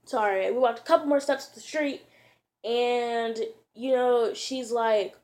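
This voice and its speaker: A woman's voice: on the high side, measured pace, a little mellow. A woman vlogger telling a story to her viewers in a rambling, casual way, full of fillers and slang.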